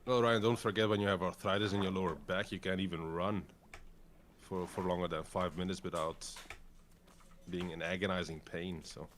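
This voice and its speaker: Male guest from Europe, very low voice, blunt and wry, faint background noise. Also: steady tone, moderate pace, fairly bright tone. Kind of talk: casual chat.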